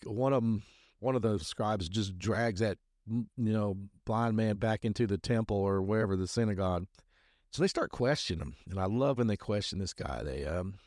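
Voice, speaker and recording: A man's voice: lowish voice, darkish tone, no room sound, studio quality. A man hosting a podcast, reviewing a show in casual, rambling talk full of fillers and restarts, speaking earnestly about his faith. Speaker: podcast host.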